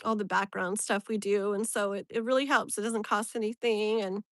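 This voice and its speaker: A woman's voice: medium pitch, fairly even intonation, normal speed, fairly bright tone, no room sound. A woman reading tarot on a live stream, chatting casually with viewers, laughing often and greeting them by name. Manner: rambling, filler-heavy.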